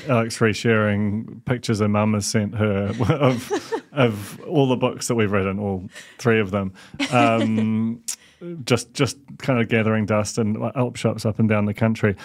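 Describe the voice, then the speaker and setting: A man's voice: on the low side, fairly even intonation, a little slow. A man, co-hosting a podcast and telling rambling anecdotes in casual chat. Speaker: podcast co-host.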